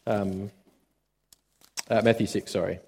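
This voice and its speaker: Male pastor, sermon, expressive, stop-start phrasing, big reverberant hall. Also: lowish voice, slow, husky. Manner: expressive, with sudden swings between loud and quiet; often hesitates with "uh" and restarts.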